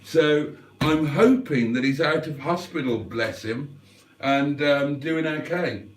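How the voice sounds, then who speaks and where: A man's voice: on the high side, slow pace, a little hiss or hum. A man, hosting a casual livestream, reading out comments and swearing freely with self-mocking humour. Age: 50s. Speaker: livestream host.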